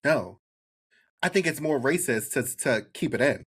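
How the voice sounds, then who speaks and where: A man co-hosting a podcast, giving blunt opinions in an animated, casual way. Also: mid-range voice, normal speed, slightly rough. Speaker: podcast co-host. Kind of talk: casual chat.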